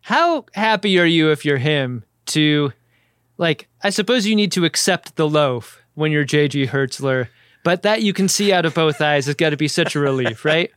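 A man's voice: fairly high pitch, expressive, normal speed, a bit bright, smooth, no room sound, studio quality. A man co-hosting a podcast, recapping an episode in casual chat with wry jokes. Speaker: podcast co-host.

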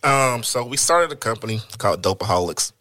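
A man from Oklahoma, a podcast guest and entrepreneur, telling stories in a relaxed way with many ums. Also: on the low side, brisk, no room sound. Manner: relaxed, hesitant with frequent ums. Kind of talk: casual storytelling.

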